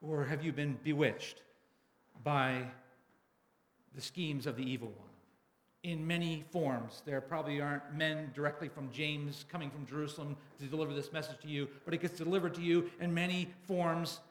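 A man's voice: a little high, fairly even intonation, moderate pace. Preacher man in an echoey hall. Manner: reads a book passage aloud with dramatic feeling. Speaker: pastor. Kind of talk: sermon.

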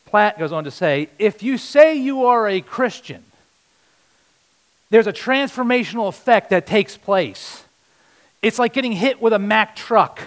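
High-voiced man preaching with animated swings. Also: measured pace. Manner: animated preaching, swinging from loud punchy lines to hushed earnest ones. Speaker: pastor. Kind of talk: sermon.

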